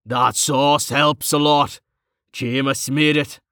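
Man playing an easygoing coarse cook, unhurried, casual, dry close sound. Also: a little high, fairly even intonation, a bit bright, clear, resonant tone, no room sound, voice pushed up.

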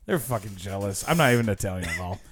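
A man hosting a podcast, chatting casually with friends, excitable, swearing and laughing a lot. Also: lowish voice, fast, crowd noise. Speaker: podcast host. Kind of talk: casual chat.

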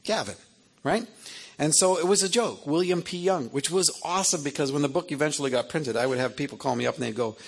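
A man's voice: a little high, fast talker, gravelly, slightly rough. A man in his fifties, an author telling personal stories to an audience in a conversational manner that keeps checking in with "right?". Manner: conversational, keeps asking 'right?'. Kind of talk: personal storytelling talk.

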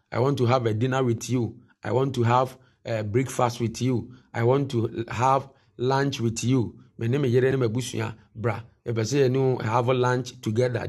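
A Ghanaian man preaching a morning devotion sermon. He mixes Twi and English and repeats key phrases for emphasis. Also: medium pitch. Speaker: pastor.

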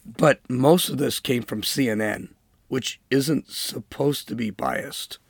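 A man with a medium-pitched, gravelly voice speaks slowly in a dry recording. He hosts a political commentary show, delivering an emphatic, sarcastic, opinionated monologue and mocking things with air quotes.

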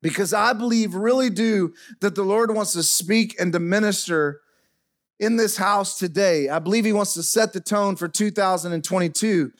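A middle-aged man preaching a sermon as pastor in a church, dropping soft and low as he speaks over piano. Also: normal speed. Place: church sanctuary. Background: faint piano playing.

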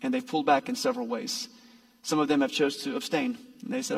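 A man's voice: very high voice, sing-song, fast, creaky, recorded from a distance. A man preaching a sermon as a pastor, talking in a conversational, folksy way with playful asides. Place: church.

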